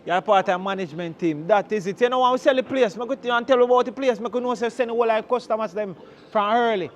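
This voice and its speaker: A man with a Jamaican accent, narrating a walking tour outdoors on a town street, chatty and full of patois shout-outs. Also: high-pitched, fast talker, lo-fi sound.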